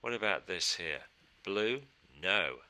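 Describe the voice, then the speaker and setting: A man's voice: low-pitched, animated, slow pace, bright, forceful tone. A man teaching a casual design tutorial, thinking aloud and answering his own questions as he works. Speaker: design instructor. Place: studio.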